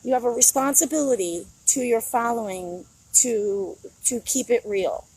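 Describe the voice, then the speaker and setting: A woman's voice: fairly high pitch, unhurried, a little mellow, slightly rough, poor audio. A middle-aged woman on a casual outdoor phone livestream, talking candidly and rambling, often breaking into laughter. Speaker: vlogger. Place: outdoors in a city.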